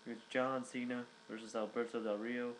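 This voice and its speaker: A man's voice: mid-range voice, flat delivery, normal speed, slight background noise, rough recording. Rambling man recapping casually. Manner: rambling, many fillers and restarts. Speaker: wrestling reviewer.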